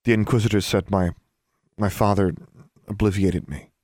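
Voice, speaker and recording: A man reading the lines of a troubled teenage witch girl who speaks quietly and haltingly, in a low voice. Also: steady tone, no room sound, clean studio sound, lightly acted. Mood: hesitant.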